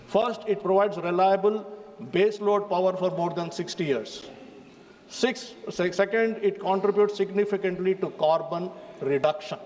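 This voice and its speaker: A man's voice: high voice, darkish tone. A man with an Indian English accent giving a formal parliamentary speech, often addressing the chair as sir. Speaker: member of parliament. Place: parliament chamber. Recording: faint hall reverb, light noise.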